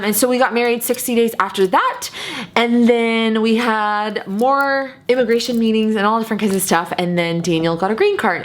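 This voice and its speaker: A young woman vlogger telling a personal story in a chatty, animated way, with lots of fillers and repeated words. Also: mid-range voice. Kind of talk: casual storytelling to camera.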